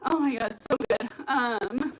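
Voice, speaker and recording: A young woman hosting a livestream, reading viewer comments aloud and gushing about a TV show in a casual, excitable way full of "like" and "oh my God". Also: fairly high pitch, unhurried, a little hiss or hum, rough recording. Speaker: livestream host reacting to a TV show.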